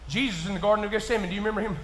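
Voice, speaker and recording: A man with a Kentucky accent preaching in church, folksy and plain-spoken, dropping to quiet asides and rising to shouts. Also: sits high, racing, a little hiss or hum. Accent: Southern US, Kentucky. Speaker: pastor. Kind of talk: sermon. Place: church sanctuary. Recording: echoey church room.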